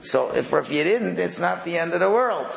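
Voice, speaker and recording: Gravelly-voiced man teaching Talmud. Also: high voice, animated, moderate pace, reverberant, a little hiss or hum, poor audio. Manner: conversational, repeats and restarts, mixes Hebrew and Aramaic terms. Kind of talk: casual Talmud class.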